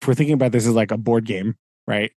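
A man's voice: medium pitch, fast, a little mellow, no room sound. A man co-hosting a podcast, venting in a rambling casual chat full of fillers and laughs. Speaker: podcast co-host.

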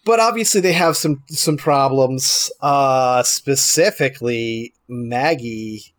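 A man in a casual podcast chat, easygoing and talkative, with a laugh that slips into his sentences. His voice sits at an ordinary middle pitch. The recording is close and dry, with no room sound. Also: slow, no echo. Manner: relaxed, chatty, laughs while talking. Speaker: podcast co-host. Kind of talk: casual chat recapping a TV show.

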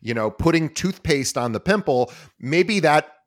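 Animated man telling stories, dry close sound. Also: fairly high pitch, unhurried, no room sound. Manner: animated storyteller who acts out quoted lines, stammers on restarts. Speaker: podcast host. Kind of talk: casual interview chat.

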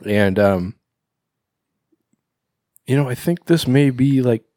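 A man's voice: medium pitch, expressive, takes it slowly, dark tone, dry recording, clean studio sound. A man co-hosting a film podcast, recapping a movie in loose, rambling chat full of fillers. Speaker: podcast co-host. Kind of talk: casual film review chat.

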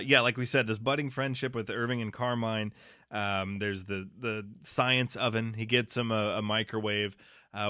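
Low punchy guy on a movie podcast, swears a lot, laughs at his own bits. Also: sharp tone, no echo, studio quality. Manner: blunt, swears freely, laughs at own jokes. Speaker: podcast co-host. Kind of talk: casual movie discussion.

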